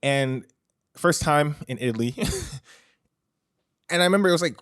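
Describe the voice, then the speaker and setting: A man's voice: a little high, expressive, measured pace, fairly bright tone, dry recording, clean studio sound. A man hosting his own podcast in a loose, chatty monologue, full of "like" and "you know". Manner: chatty, heavy use of "like" and "you know", restarts. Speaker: podcast host. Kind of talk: casual solo podcast monologue. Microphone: close studio microphone.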